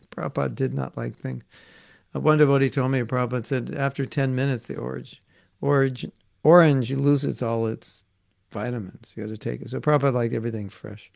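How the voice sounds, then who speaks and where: A man leads an informal devotional class, telling stories in a chatty, amused way. His mid-pitched voice has a gravelly, creaky edge. He often acts out the voices of the people in his stories. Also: little pitch movement, moderate pace, darkish tone. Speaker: spiritual teacher giving a class.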